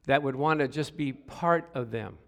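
A middle-aged man preaching a sermon, telling stories with hushed asides and sudden loud exclamations, and calling out for responses from the congregation. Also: medium pitch, normal speed, creaky. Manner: animated storytelling, swings from hushed to loud exclamations. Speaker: pastor.

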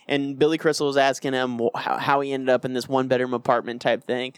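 A man's voice: medium pitch, flat delivery, quick pace, clear, resonant tone, no room sound. A man co-hosting a podcast, telling stories casually with heavy swearing and laughter. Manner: profane, storytelling, laughing. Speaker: podcast co-host. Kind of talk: casual chat.

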